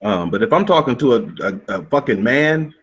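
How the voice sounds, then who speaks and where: A man in an online voice chat who talks in a slow, teasing drawl. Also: medium pitch, expressive, breathy edge. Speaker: debate participant.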